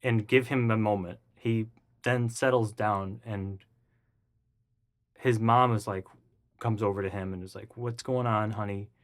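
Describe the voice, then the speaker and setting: A man's voice: unhurried, pauses often. A man guest in an interview, telling a story casually and acting out the voices of the people in it. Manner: animated, acts out the voices of people in his story; jumps high and loud when excited.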